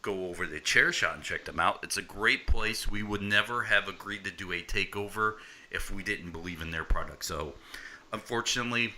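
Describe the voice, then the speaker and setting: A man's voice: sits low, a little fast, pushed and bright, a little hiss or hum. A man hosting a wrestling podcast in casual chat, upbeat and plugging the show. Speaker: podcast host.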